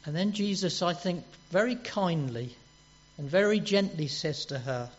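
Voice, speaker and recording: Man preaching, high voice, earnest, repeats himself, asks the listeners questions, dull lo-fi sound with mains hum. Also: measured pace. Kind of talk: sermon.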